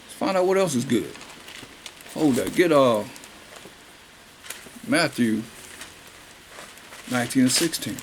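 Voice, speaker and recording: A man preaching a sermon, reading scripture verses slowly and then explaining them in casual everyday speech, with questions to his listeners and drawn-out emphasis. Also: mid-range voice, lively intonation, slight background noise.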